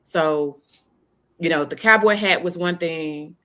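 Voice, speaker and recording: A woman in casual chat, sharing a personal story with the group. Her voice sits quite low. She sounds excited and chatty, with hesitant fillers between thoughts. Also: takes it slowly.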